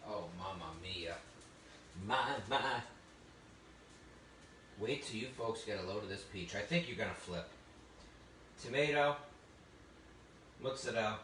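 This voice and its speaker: A man runs a cooking demo in a chatty, exclamatory manner, his voice bright and forceful yet fairly low. He sounds some way from the mic in a roomy space, with a faint ambience behind him. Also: animated, measured pace, pauses often, recorded from a distance, a little hiss or hum. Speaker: cooking demonstrator. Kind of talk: live cooking demonstration.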